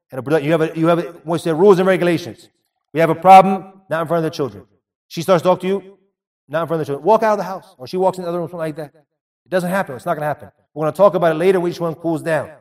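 A man's voice: fairly high pitch, darkish tone, far from the mic. A man giving a sermon, earnest and repeating phrases for emphasis. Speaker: preacher.

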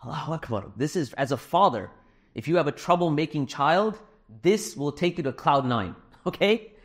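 A middle-aged man with a fairly high, animated voice speaks at a normal pace. He is delivering a fundraising sermon to a live audience in a hall, earnest and conversational, with touches of self-deprecating humor.

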